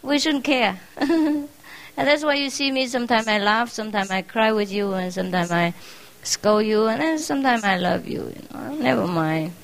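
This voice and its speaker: Field: woman. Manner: laughing, affectionate. Pitch: fairly high. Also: moderate pace, a little hiss or hum, poor audio. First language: not English. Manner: laughs often, affectionate and teasing; simple, non-native English phrasing. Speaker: spiritual teacher. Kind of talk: informal farewell talk to followers.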